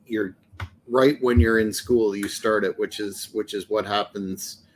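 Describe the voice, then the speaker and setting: A man from Canada, a wrestling manager co-hosting a podcast, talking in a measured, hesitant way with many fillers. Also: on the low side, fairly even intonation, a little hiss or hum. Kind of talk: casual chat.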